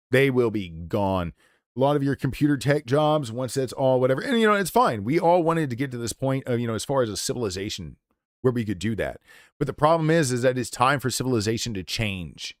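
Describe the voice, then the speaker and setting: A man's voice: mid-range voice, lively intonation, a little fast, dry recording, clean studio sound. A man streaming live, delivering an impassioned, profanity-laced rant in a blunt, unscripted way. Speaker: game streamer.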